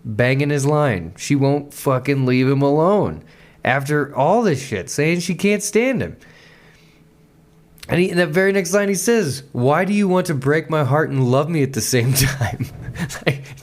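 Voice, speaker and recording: A man hosting a podcast, chatting loosely about a song with lots of swearing, restarts and quick laughs. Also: mid-range voice. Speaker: podcast host. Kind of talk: casual music commentary.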